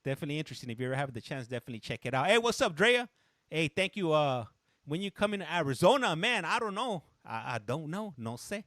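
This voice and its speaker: Fast and sing-song, his fairly high, slightly bright voice is recorded in studio quality without echo. The man hosts a laid-back live stream, chattily rambling through a story and stopping often to greet and answer people in chat, with short bits of Spanish mixed in now and then.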